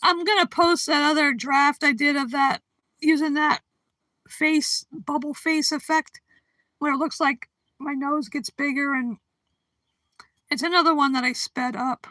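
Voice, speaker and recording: Woman streamer, high and sharp-toned, giggly and a little sleepy, casual chat to viewers. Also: steady tone, a little slow, no echo. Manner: chatty and giggly, greeting viewers by name; drowsy, yawning. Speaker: livestream host.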